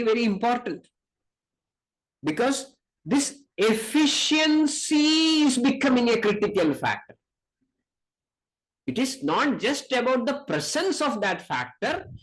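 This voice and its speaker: A man's voice: sits high, fairly bright tone, poor audio. A man with an Indian accent giving an academic lecture on Ayurveda, speaking emphatically, repeating key points and reciting Sanskrit verses.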